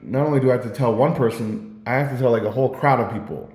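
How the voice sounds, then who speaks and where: A man's voice: medium pitch, quick pace, a little mellow. A man telling stories in a casual, meandering ramble, full of fillers and restarts. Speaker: vlogger. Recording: roomy echo.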